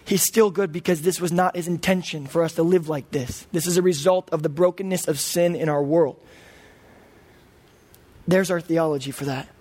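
A man's voice: a little high, fairly even intonation, normal speed, darkish tone. A man in his thirties preaching a sermon, earnest and emphatic. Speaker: pastor.

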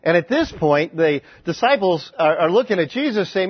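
A male pastor preaching in a conversational, animated storytelling manner with frequent restarts. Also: high-pitched, normal speed, hardly any pauses, breathy edge, no room sound. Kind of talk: sermon. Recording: dry, slightly dull recording.

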